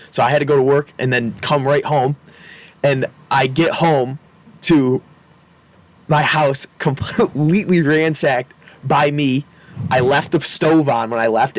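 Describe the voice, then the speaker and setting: A man's voice: medium pitch, dry recording. Young man, rambling and candid. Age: 20s. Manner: rambling, candid, laughs often, many fillers. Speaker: podcast guest. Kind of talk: casual storytelling.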